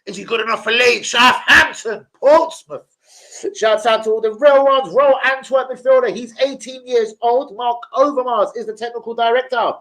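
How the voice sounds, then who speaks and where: This young man's voice is very high, and he talks at a moderate pace while hosting a jokey football transfer live stream. Animated throughout, he reads out the names of viewers in chat.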